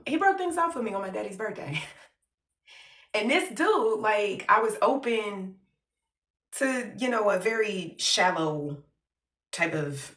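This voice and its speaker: Blunt, bright-voiced woman in a roomy home. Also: medium pitch, distant mic. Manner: blunt, profane, self-mocking, joking through grief. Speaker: vlogger. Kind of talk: candid personal vlog. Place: her home, moving between rooms. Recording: roomy echo, off from the mic.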